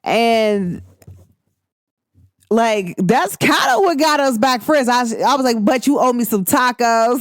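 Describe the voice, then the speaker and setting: Animated woman podcaster, dry close sound. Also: fairly high pitch, slow, no room sound. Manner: animated, expressive, acts out quoted lines. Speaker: podcast host. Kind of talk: casual chat.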